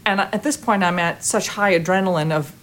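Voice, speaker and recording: A woman guest in an interview, telling a story in a lively way, often laughing and restarting her sentences. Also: lowish voice, a little fast, a little hiss or hum. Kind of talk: conversational storytelling.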